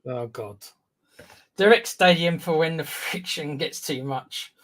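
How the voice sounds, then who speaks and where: A man with a slightly high voice banters easily on a casual fan stream. He teases his co-host and explains things in a loose, friendly way. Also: unhurried, a bit bright. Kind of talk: casual chat.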